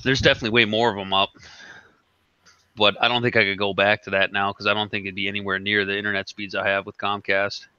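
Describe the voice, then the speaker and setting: Male host, sharp bright voice, swears freely while ranting casually. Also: lowish voice, little pitch movement, fast talker, smooth, no room sound. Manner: profane, ranting storyteller. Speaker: podcast host. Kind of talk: casual chat. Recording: dull lo-fi sound.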